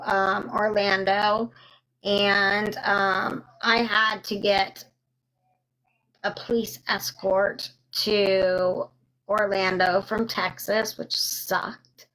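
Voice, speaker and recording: Young woman livestreaming, bright voice, slow halting talk with lots of um, thanks chat as she goes. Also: medium pitch, rough recording. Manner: slow, halting, many ums, thanks viewers mid-story. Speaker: live streamer. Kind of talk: casual live-stream storytelling.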